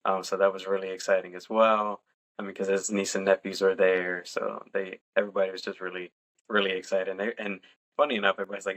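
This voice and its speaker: A relaxed young man chats through a personal story on a podcast, laughing now and then. His voice sits low and has a gravelly edge. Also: brisk. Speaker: podcast co-host. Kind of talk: casual storytelling.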